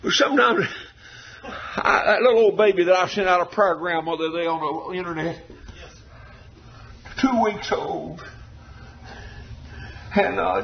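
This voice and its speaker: A man preaching a revival sermon with fervor, shouting and half-singing his lines in surges. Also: high voice, creaky, slight background noise. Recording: dull lo-fi recording.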